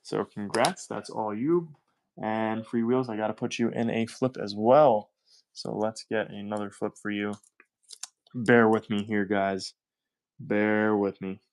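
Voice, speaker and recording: A man's voice: lowish voice, steady tone, a little slow, a little mellow, slight background noise. Upbeat Southern man running auctions. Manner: upbeat, chatty, thanks buyers by name. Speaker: live-stream coin auction host. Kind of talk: live auction selling patter.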